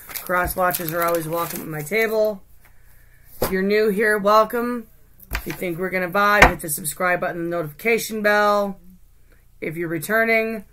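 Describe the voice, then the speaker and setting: Chatty woman reading tarot, lowish voice. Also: background noise. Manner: chatty, loose, with asides and muttering while handling cards. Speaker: tarot reader. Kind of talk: casual tarot reading vlog.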